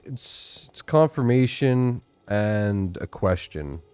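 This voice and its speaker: A man's voice: on the low side, lively intonation, takes it slowly, darkish tone, smooth, no echo. A Canadian man hosting a gameplay video, chatting casually, explaining things and laughing often. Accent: Canadian English. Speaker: gaming channel host.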